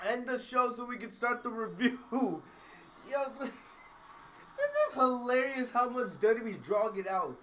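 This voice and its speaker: A man giving brash, excitable live reaction commentary on wrestling, laughing often and mocking the announcers. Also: extremely high pitch, unhurried, slight background noise. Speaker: wrestling YouTuber.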